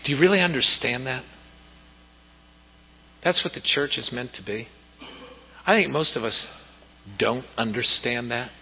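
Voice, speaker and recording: A male pastor preaching a sermon in an animated storytelling manner, heard in a church hall on a dull recording. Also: medium pitch, a little slow, long pauses, breathy edge. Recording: reverberant hall, dull lo-fi sound.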